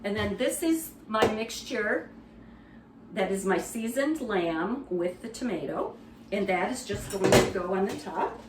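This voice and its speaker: A woman giving a cooking demonstration in a kitchen, explaining in a relaxed, conversational way with some fillers. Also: mid-range voice, measured pace, reverberant, recorded from a distance, heavy background noise.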